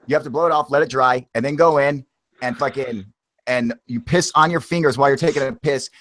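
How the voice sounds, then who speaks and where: A man's voice: mid-range voice, a little fast, a bit bright. A man hosting a casual live chat, talking in a rambling, emphatic way and swearing heavily. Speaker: host.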